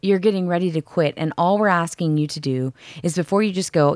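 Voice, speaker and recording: A woman's voice: lowish voice, a little fast, a little mellow, no echo, clean studio sound. A woman speaking frankly and with some profanity in a casual coaching chat, acting out the voices in her head during workouts. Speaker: podcast co-host.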